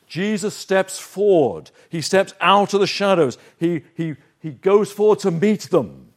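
A man preaching from the pulpit in an earnest, emphatic sermon. His voice sits a little high for a man, and he takes his time, leaning hard on the key phrases. The delivery is measured and deliberate throughout.

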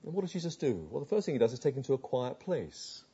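A man preaching a sermon, retelling scripture with earnest rhetorical questions and dropping to a hush at tender moments. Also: medium pitch, sing-song, quick pace, husky. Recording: dull lo-fi sound.

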